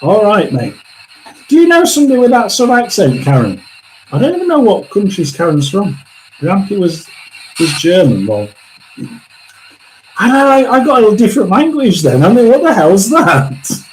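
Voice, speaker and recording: Excitable, high-pitched, lively male medium. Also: normal speed, a little hiss or hum, rough recording. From England. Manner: musing and excitable, talks to spirits and viewers, laughs often. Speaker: psychic medium livestream host. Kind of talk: casual live tarot and spirit reading.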